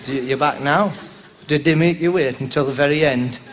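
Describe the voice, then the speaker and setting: A man works the crowd from a theatre stage, his voice sitting high as he rambles and bursts into sudden squeals. The live recording carries a clear layer of noise behind him. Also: fairly quick. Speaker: stand-up comedian. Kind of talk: stand-up crowd work.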